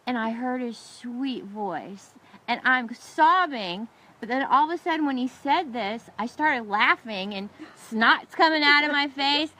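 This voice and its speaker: A middle-aged woman tells a heartfelt faith testimony with animated, expressive delivery. Her voice sits a little high and swings widely in pitch as she speaks, often turning to her listener with a question. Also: unhurried, rough recording. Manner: emotional storytelling, animated, asks listener questions. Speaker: ministry show co-host. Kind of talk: testimony and encouragement talk.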